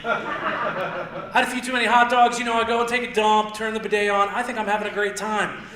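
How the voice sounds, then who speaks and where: A young man from Indiana doing a stand-up comedy set on a theater stage, telling rambling stories and punching lines with sudden shouts. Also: high-pitched, steady tone, fairly quick, noisy background. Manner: loose, rambling storytelling with stutter-mimicking bits and sudden shouted punchlines. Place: theater stage with live audience. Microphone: handheld stage mic. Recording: roomy theater sound.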